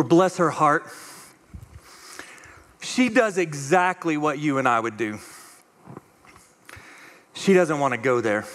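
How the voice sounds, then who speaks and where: A man preaching a conversational, animated sermon as pastor, acting out the voices of the people he quotes. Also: on the high side, big-room sound. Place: church auditorium.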